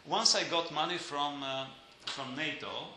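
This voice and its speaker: A man lectures students in a keen, bright voice and stops often to search for words. He slips dry jokes into his points. The sound rings around a very roomy, reverberant space. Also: on the high side, unhurried, slight background noise. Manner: hesitant with many fillers, dry joking asides.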